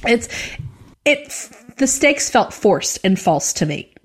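A woman in a casual TV review chat, animated, laughing often and mimicking accents. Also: on the high side, slow pace, breathy edge. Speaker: podcast co-host.

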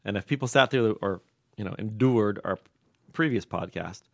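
A man hosting a podcast in casual, rambling chat, playful and quick to laugh. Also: lowish voice, gravelly, no room sound. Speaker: podcast host.

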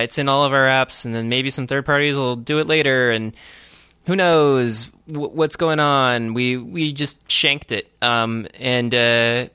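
A man hosting a podcast, chatting casually in a halting, sardonic way with many restarts. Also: mid-range voice, bright, forceful tone, clear, resonant tone, no echo. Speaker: podcast host. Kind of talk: casual chat.

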